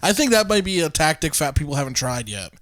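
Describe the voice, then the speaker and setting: A man's voice: fairly high pitch, sing-song, fast, a bit bright, dry recording, clean studio sound. A man co-hosting a comedy podcast, joking and self-mocking in casual chat, often breaking into laughter. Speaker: podcast co-host.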